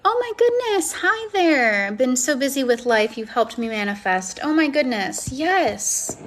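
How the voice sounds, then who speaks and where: A woman's voice: sits high, sing-song, unhurried. A woman coaching and chatting on a phone live stream, effusive and encouraging as she answers comments. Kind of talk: casual live-stream chat, reading comments.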